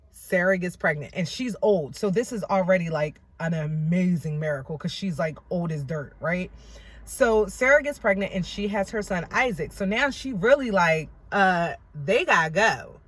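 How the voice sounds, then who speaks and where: A woman hosting a casual Bible study vlog, retelling scripture in an animated way with slangy asides. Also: lowish voice, normal speed.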